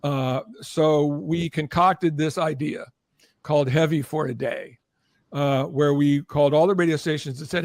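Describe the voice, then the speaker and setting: An older man, a former record promotion executive, telling animated stories as a guest and acting out the people in them. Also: normal speed, dry recording. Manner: acts out quoted voices, rising high and loud. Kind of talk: animated storytelling.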